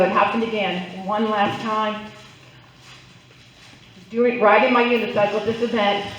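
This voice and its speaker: Slight background noise sits under a middle-aged woman's somewhat high voice as she performs playful stand-up on a club stage. She banters with the live audience and gets them involved, and the recording comes across as roomy, distant and dull.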